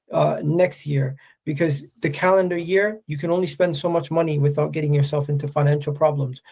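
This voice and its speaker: A man as guest on a live chat, arguing his point at length in a measured way and pushing back. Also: a little high, dark tone.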